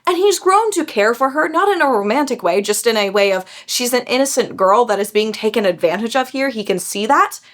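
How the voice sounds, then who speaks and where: A young woman casually recapping a novel for her vlog, animated and gushing, often laughing. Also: fairly high pitch, fairly quick, few pauses. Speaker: book vlogger.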